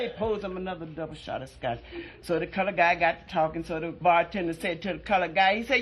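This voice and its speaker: A woman telling bawdy jokes as a stand-up comedian, brassy and shouting her punchlines. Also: lowish voice, animated, fast.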